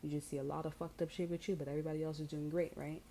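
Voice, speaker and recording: A woman's voice: sits low, level tone, very fast, creaky, warm tone, slight background noise, poor audio. A woman giving a casual tarot reading. She talks bluntly and chattily, with frequent swearing and many fillers. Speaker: tarot reader.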